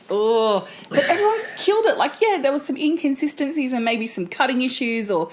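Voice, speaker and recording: Mulher australiana animada em bate-papo. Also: female voice, high-pitched, slight background noise. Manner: joking, animated, quick with banter. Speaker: podcast co-host. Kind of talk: casual chat.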